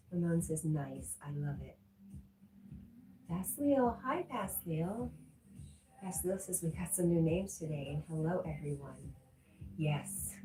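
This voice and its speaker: A woman's voice: sits low, mellow, echoey room, a little hiss or hum, low-quality recording. A middle-aged woman hosting a casual livestream, reading chat messages aloud and answering them with frequent laughter. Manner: reads chat messages aloud and chats back, laughing often.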